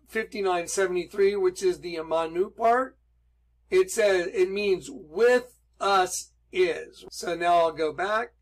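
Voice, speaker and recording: A man teaching from the Bible in an emphatic preaching style, reading verses aloud slowly. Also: high-pitched, low-quality recording.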